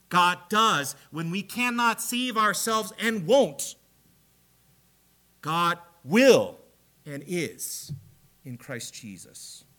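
A man preaching a sermon, emphatic, growing loud on the repeated key phrases. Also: high-pitched.

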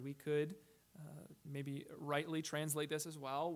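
A man preaching an expository sermon, measured and deliberate, asking rhetorical questions and slowing down to stress key words. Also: on the high side, little pitch movement.

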